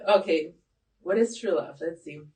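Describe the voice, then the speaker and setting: A woman's voice: fairly low pitch, normal speed, darkish tone. A woman in her thirties co-hosting a podcast in casual chat, rambling with lots of fillers and frequent laughter. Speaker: podcast co-host. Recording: voices heard from a distance.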